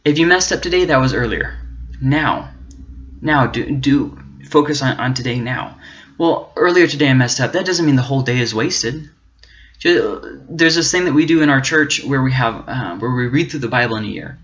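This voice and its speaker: A man giving an earnest, faith-based motivational talk, encouraging and halting, often restarting and repeating words. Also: medium pitch, lively intonation, fairly bright tone. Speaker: self-help channel host. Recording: dull, muffled lo-fi audio.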